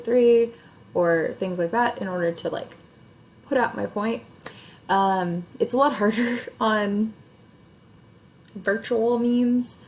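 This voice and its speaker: A woman's voice: medium pitch, a little hiss or hum, low-quality recording. A young adult woman teacher recording a video lesson, explaining an assignment casually step by step with many fillers. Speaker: English teacher. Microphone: recording herself on camera at home or in class setup.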